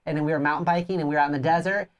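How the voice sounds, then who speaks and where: A woman's voice: low-pitched, very fast, lo-fi sound. A woman co-hosting a board game show, telling stories in casual chat and acting out quoted lines with lots of energy. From Arizona. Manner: animated storyteller acting out quotes.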